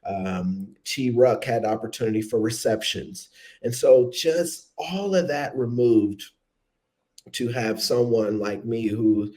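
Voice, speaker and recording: A man in his thirties, a former college football player, recounting a game in a reflective, halting way with many fillers. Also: medium pitch, warm tone, dry recording, rough recording. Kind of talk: casual interview storytelling.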